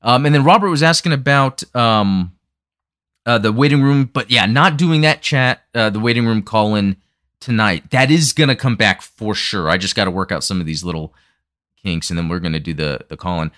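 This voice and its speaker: A man hosting a live chat show, talking fast and rambling with lots of fillers and restarts. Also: fairly low pitch, a bit bright, no room sound, clean studio sound. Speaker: podcast host. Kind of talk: casual chat.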